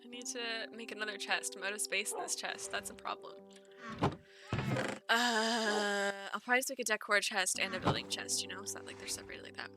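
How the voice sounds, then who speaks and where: Over music, a young woman from Eastern Canada talks briskly in a medium-pitched, steady voice while streaming a game. Her casual chat is full of laughter and giggly, wandering storytelling.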